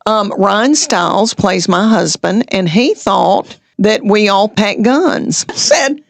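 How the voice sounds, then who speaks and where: A middle-aged woman from Tennessee with a Southern accent, telling stories as a comedian guest on a podcast, lively and chuckling as she goes. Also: mid-range voice, slow pace, vocal fry. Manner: lively anecdotal telling, chuckles mid-sentence. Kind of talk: chatty podcast storytelling.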